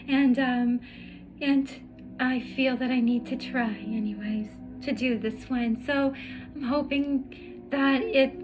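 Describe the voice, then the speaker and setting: A tired woman sharing her personal story in a heartfelt vlog, halting and emotional, with many fillers and restarts. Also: high-pitched, poor audio. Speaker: spiritual vlogger. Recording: music playing in the background.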